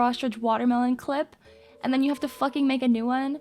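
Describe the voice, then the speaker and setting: A woman's voice: high voice, steady tone, fairly quick, dark tone. A young woman streaming live, chatting in a hyper, rambling and crude way with her viewers. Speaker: VTuber streamer. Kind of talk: casual live-stream chat.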